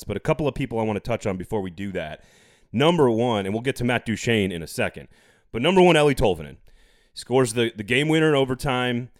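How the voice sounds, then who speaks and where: A man hosting a sports podcast in casual chat, chatty and quick to laugh, steering the talk back on track. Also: fairly low pitch, no room sound, clean studio sound.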